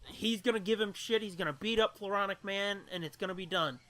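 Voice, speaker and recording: Bright-voiced, high, profane male podcaster. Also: a little fast. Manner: crude, profane, recaps plot with acted-out quotes. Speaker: podcast co-host. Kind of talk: casual movie review chat.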